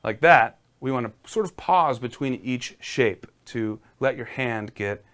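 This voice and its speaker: A man's voice: mid-range voice, expressive, unhurried, fairly bright tone. A man teaching a casual live-streamed piano lesson, encouraging and talking viewers through exercises.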